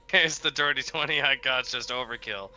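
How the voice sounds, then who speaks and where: A man's voice: medium pitch, sharp tone. A man playing a tabletop game, brash and swearing freely. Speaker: player. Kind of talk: casual tabletop game talk.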